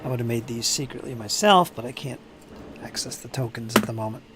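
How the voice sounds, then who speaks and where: A man's voice: mid-range voice, a little fast, over loud music. Man narrating as game master.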